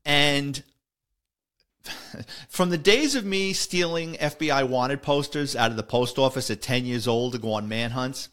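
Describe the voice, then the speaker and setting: A man's voice: mid-range voice, a little slow, fairly bright tone, clean tone. Middle-aged New man telling stories. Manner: conversational, voices the people in his story. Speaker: retired police officer telling a story. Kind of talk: casual storytelling monologue.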